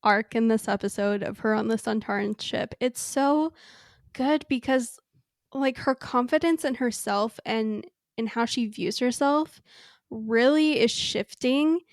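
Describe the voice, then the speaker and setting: Young woman co-host, a bit high-pitched, dry close mic, animated and eager. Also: unhurried, no room sound. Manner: enthusiastic, animated retelling. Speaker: podcast co-host. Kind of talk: casual chat.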